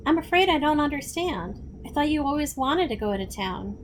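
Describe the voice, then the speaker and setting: A woman voicing a hearty, booming farmer father who talks in bluff, teasing exclamations. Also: animated, moderate pace, slight background noise.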